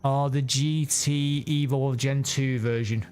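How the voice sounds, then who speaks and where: Faint music plays behind a man with a mid-range, slightly mellow voice who takes his time and keeps his intonation fairly even. He's a sim racing streamer giving live commentary on a racing game, chatty and rambling, correcting himself as he goes.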